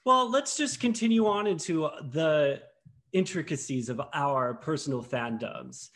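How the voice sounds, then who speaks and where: A man co-hosting a casual online panel, excitable and gushing, heard over a video call. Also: a little high, unhurried. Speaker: panel co-host.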